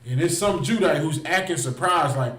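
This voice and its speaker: Male street preacher, fiery and repetitive, voice on the high side, roomy echo. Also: normal speed. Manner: impassioned, repeats phrases, addresses listeners directly. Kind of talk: heated preaching to a livestream.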